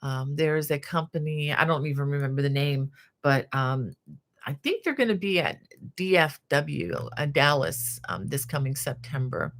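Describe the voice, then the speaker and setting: Low-voiced woman in her sixties. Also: lively intonation, moderate pace. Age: 60s. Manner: chatty, warm-hearted, many fillers and restarts. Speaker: crochet channel host. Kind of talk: casual live-stream chat reading viewer comments.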